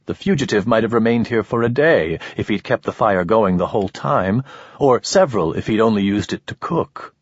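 A man reading a novel aloud in steady, even scripted narration. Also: fairly low pitch, normal speed, breathy edge, dry recording, dull audio. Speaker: audiobook narrator.

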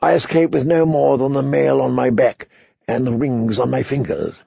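A man voicing a frightened, pompous older high-born lord who pleads in a shrill voice. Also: normal speed, vocal fry, warm tone, slightly rough, no room sound, muffled recording. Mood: fussy, self-pitying. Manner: shrill pleading, then fussy self-pity.

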